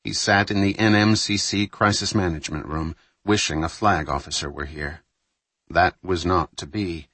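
A man reading a thriller novel aloud in measured, scripted audiobook narration. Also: low-pitched, a bit bright, husky, no echo.

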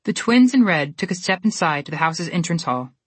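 A woman narrating a storybook in a steady, even reading manner. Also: on the low side, a little fast, husky, no room sound.

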